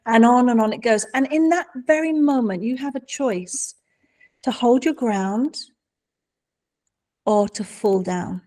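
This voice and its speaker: Middle-aged woman guest, higher voice, animated storyteller who acts out the voices. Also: measured pace. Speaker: guest, mentor. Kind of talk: conversational storytelling.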